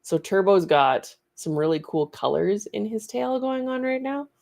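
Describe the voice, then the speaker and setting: A woman's voice: medium pitch, lively intonation, normal speed, gravelly, darkish tone. A woman hosting a casual studio livestream, chatty and rambling, laughing easily.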